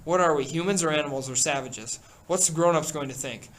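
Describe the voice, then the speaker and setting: A man's voice: fairly high pitch, brisk, a bit bright, natural voice, rough recording. A man voicing an anxious, fussy, reasoning boy while reading a novel aloud. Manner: fretful, pleading.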